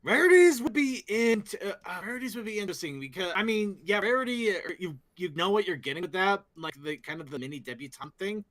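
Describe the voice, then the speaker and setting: A man co-hosting a casual fan talk show, excitable and quick to swear, often restarting his sentences. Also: sits high. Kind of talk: casual chat.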